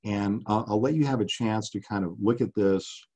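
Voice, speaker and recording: A man's voice: on the low side, moderate pace, mellow, husky. A middle-aged man giving a passionate public lecture as an author, earnest and full of ums and uhs.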